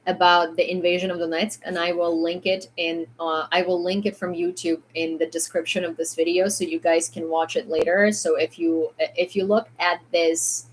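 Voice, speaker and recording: A woman's voice: on the low side, level tone, normal speed, few pauses, a little hiss or hum. Chatty Ukrainian woman streaming news. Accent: mildly American-sounding English. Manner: chatty and rambling, many fillers. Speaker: news livestreamer. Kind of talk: casual news commentary stream.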